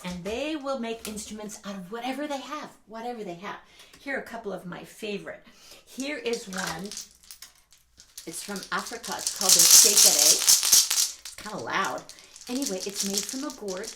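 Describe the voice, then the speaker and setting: A woman's voice: mid-range voice, background noise. A woman children's musician leading an interactive sing-along, cheerful and teacherly, coaxing the audience to join in. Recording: roomy sound with loud guitar.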